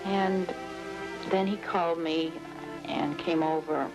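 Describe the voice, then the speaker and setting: A woman's voice: low-pitched, fairly even intonation, takes it slowly, poor audio. An older woman in an interview, recalling the past candidly with wry hesitation. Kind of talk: reflective interview recollection. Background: music.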